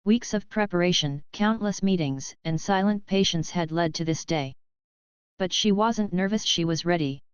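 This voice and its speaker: A woman reading a dramatic story aloud in a steady, even narrating voice. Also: on the low side, normal speed, smooth, dry recording. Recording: dry, slightly dull lo-fi.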